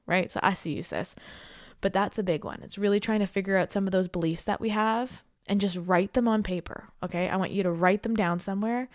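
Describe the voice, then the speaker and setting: A woman's voice: mid-range voice, no echo. Encouraging woman podcast host, dry close sound. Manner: warm encouraging, repeats "okay?" and "right?"; chatty with laughs and asides. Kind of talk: casual heartfelt podcast talk.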